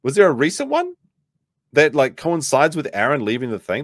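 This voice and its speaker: A man's voice: a little high, wildly swooping pitch, normal speed, no room sound, studio quality. A young man giving a swearing, incredulous livestream commentary, his voice jumping up when he is outraged. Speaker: commentary streamer.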